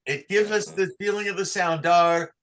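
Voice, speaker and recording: A man's voice: high-pitched, fairly quick, a bit bright. A man teaching Torah cantillation online, patiently explaining each sign and singing short chant examples for the class to repeat.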